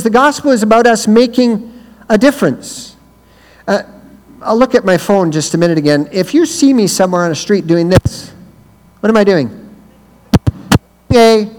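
A man with a high voice preaches as a visiting speaker, telling stories and now and then shouting out lines. His voice rings through a big hall with a long echo tail. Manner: storytelling, swings to loud shouted quotes. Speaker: guest speaker. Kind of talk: sermon. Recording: reverberant hall.

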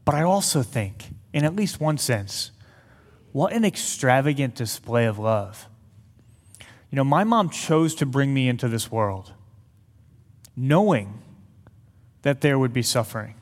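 A man giving an earnest sermon to an audience, telling a personal story with light humorous asides. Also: medium pitch. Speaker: speaker to an audience. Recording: long hall reverb.

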